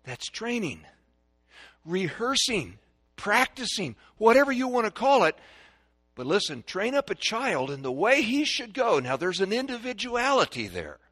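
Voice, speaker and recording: An older man giving a folksy, sermon-style talk on raising children, animated, acting out stories and drills. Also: high voice, measured pace, breathy edge, no room sound, studio quality. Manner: animated storyteller, shouting drills to kids. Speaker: speaker on parenting.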